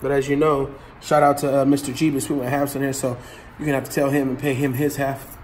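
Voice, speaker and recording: A man's voice: medium pitch, flat delivery, fast talker, a little mellow, slight background noise. A man hosting a casual vlog as he goes through storage unit finds, talking in a joking, teasing way. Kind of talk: casual chat.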